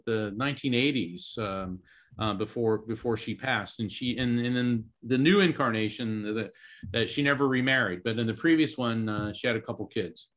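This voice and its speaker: A man's voice: mid-range voice, a bit bright. A middle-aged man, a guest speaker, explaining in casual talk with lots of fillers and restarts. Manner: rambling, many fillers and restarts.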